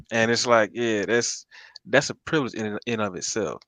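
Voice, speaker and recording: A man's voice: lowish voice, unhurried, no room sound. A man chiming in on a casual discussion as co-host, laid-back and thoughtful, letting his phrases trail off.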